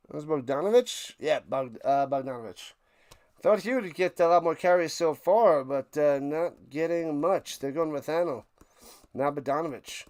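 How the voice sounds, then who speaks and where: A man's voice: a little high, moderate pace, a little mellow. Joking man calling football play-by-play. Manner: joking, rambling asides between plays. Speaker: play-by-play commentator and stream host. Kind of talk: casual live sports commentary.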